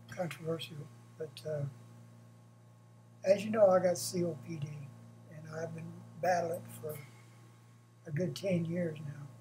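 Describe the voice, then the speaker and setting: Slow, breathy man. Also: fairly high pitch, dark tone, slight background noise, low-quality recording. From United States. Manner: halting, blunt, with frequent pauses and restarts. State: short of breath. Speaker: vlogger. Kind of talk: casual opinion monologue.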